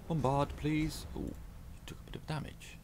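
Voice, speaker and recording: A man's voice: fairly high pitch, level tone, normal speed, noisy background. A man giving casual, self-mocking commentary as he plays a strategy game on his channel. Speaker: gaming YouTuber.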